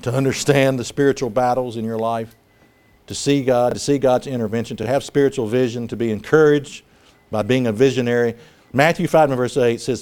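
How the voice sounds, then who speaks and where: A man preaching a sermon, animated and dramatic, acting out scripture scenes as he talks. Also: mid-range voice, a little fast.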